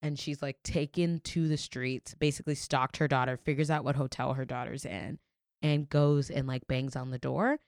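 A woman's voice: rumbling low, steady tone, moderate pace, a little mellow, no room sound, studio quality. A young adult woman in a casual podcast chat, telling a story with lots of "like" fillers and free swearing. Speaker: podcast guest.

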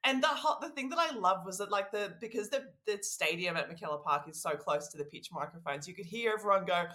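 A woman co-hosting a sports podcast, telling stories in an animated, excitable way. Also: medium pitch, fairly quick, few pauses. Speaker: podcast co-host. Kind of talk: casual sports podcast chat.

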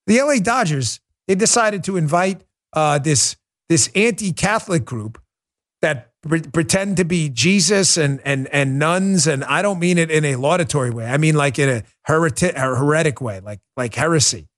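Host, male, middle-aged; lively mocking monologue, slightly higher voice. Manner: animated, mocking, quick asides and restarts. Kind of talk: political commentary monologue.

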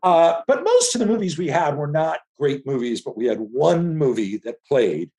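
A man in his fifties from the Philadelphia area, a filmmaker guest telling stories in casual conversation with animated restarts. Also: on the high side, normal speed. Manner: animated storytelling with frequent restarts.

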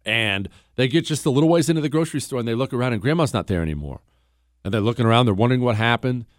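A man's voice: medium pitch, animated, rapid-fire, no room sound, studio quality. A man hosting a call-in talk radio show, talking in a conversational, emphatic and opinionated way.

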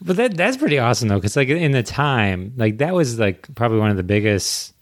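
A man hosting a podcast, chatting casually and relaxed, with lots of fillers. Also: medium pitch, brisk, dry recording, clean studio sound. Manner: relaxed, uses frequent fillers like "like". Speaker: podcast host.

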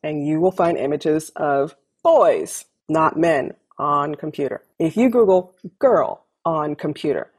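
A woman's voice: low voice, a little slow, hardly any pauses, darkish tone, husky. A woman co-hosting a casual conversation, talking emphatically and repeating her key phrases.

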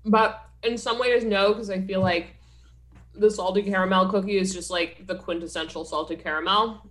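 A woman's voice: medium pitch, fairly even intonation, moderate pace. A woman co-host in easygoing conversation. Her talk is chatty and wry, and she often pokes fun at herself. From Pennsylvania, US. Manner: chatty, wry, self-deprecating. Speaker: podcast co-host. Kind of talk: casual chat.

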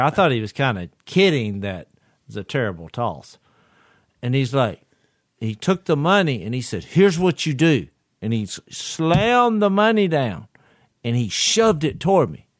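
Man, middle-aged, folksy storyteller, lively pitch, dry close sound. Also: dry recording. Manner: folksy, animated, laughs through his stories. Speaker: podcast co-host. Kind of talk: casual storytelling chat.

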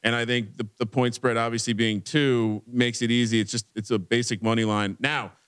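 A man's voice: medium pitch, little pitch movement, normal speed, fairly bright tone, clear, resonant tone. A man hosting a sports betting podcast, chatting casually and rambling through game picks and point spreads. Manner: rambling, restarts often, reads betting lines. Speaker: podcast host.

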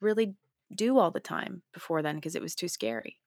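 Middle-aged woman guest, low voice, dry close sound, lively storyteller who acts out quotes. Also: brisk, vocal fry, no echo. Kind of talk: casual interview chat.

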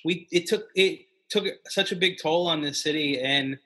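A man, a comedian appearing as a podcast guest, speaks with a bright, forward tone. He talks in a halting way, full of restarts and filler words, as he chats casually. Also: a little high.

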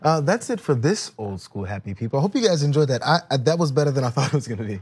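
A man hosting a podcast in casual chat, telling stories in an animated way and laughing often. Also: medium pitch, fast, slightly rough. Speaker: podcast host.

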